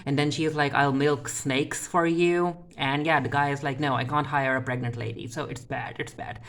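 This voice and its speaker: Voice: medium pitch, level tone, a little fast, fairly bright tone. A TV show reviewer giving a casual spoken episode recap, retelling scenes by loosely paraphrasing the characters' lines, with frequent restarts and filler words.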